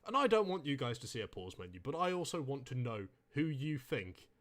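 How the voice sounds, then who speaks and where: A man co-commentating a sim racing stream, excitable and joking in casual banter. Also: medium pitch, brisk. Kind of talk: casual esports race commentary.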